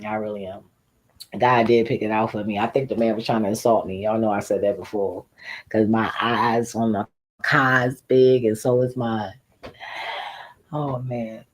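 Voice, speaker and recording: A woman streaming a casual, profane rant, animated and laughing often as she talks. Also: extremely low pitch, moderate pace, poor audio. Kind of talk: casual ranting monologue.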